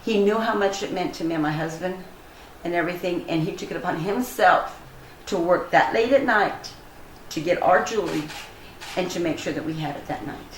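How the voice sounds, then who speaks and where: An older woman recounts a personal story with earnest, animated feeling. Her voice sits low for a woman. The room around her sounds echoey, with a faint background hiss. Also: a little fast. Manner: earnest, animated storytelling, acts out quoted dialogue. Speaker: interviewee. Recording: roomy echo, faint ambient noise.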